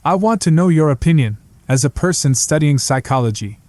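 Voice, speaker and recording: A man reads an uneasy young brother whose voice rises a little above the narrator's as he presses his questions, warm and mellow in tone. The recording is close and dry. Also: fairly high pitch, lively intonation, fairly quick, dry recording, pitched above the performer's own voice, natural voice. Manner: hesitant, probing questions.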